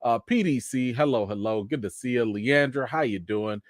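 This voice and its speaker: A man hosting a live stream with three young daughters, talking in a relaxed, chatty way and greeting viewers one by one, in a casual voice. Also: mid-range voice, normal speed, no room sound. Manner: laid-back, chatty, greets viewers by name.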